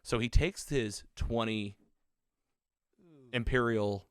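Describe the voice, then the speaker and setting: A man's voice: medium pitch, slow pace, smooth, dry recording. A man co-hosting a podcast, casually retelling a TV episode in a loose, rambling way with fillers. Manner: loose, rambling, with many fillers and quoted lines. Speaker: podcast co-host. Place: podcast studio.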